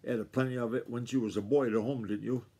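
A man reading aloud and voicing a stingy, quick-tempered old farmer grandfather who snaps and bellows. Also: fairly even intonation, dark tone, lightly acted. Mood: snappish. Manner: snapping, bellowing in a high strained voice.

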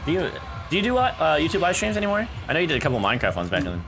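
A man hosting a live-streamed game, chatting with a teammate and viewers, laughing often and excitable. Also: a little high, racing, vocal fry, over music. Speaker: streamer and gaming host. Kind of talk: live-streamed gameplay chat.

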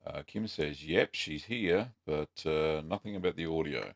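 Gravelly Australian man hosting a live stream. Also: extremely low pitch, a little slow. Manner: relaxed and chatty, frequent ums and uhs. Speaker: host.

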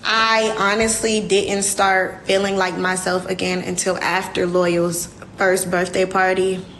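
A woman's voice: medium pitch, level tone, unhurried, fairly bright tone, slight background noise. A young woman, hosting a casual livestream and speaking candidly and emotionally to her viewers. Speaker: livestream host.

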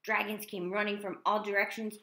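A woman reading a children's picture book aloud in an animated, expressive way. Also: medium pitch, a little fast. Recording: echoey room.

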